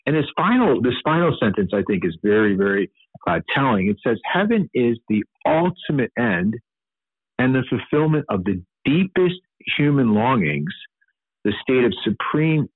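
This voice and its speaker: A man's voice: fairly low pitch, slightly rough, no echo. A man hosting a Catholic teaching podcast, speaking earnestly off the cuff with many fillers and restarts. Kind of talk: unscripted teaching commentary. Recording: dry, phone-like sound.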